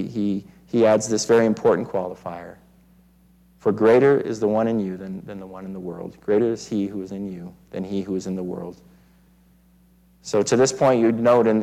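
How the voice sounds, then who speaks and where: A man's voice: mid-range voice, darkish tone, poor audio. A man preaching an expository sermon in an earnest way, often repeating words as he restarts phrases. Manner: earnest, frequent word repetitions and restarts. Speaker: pastor.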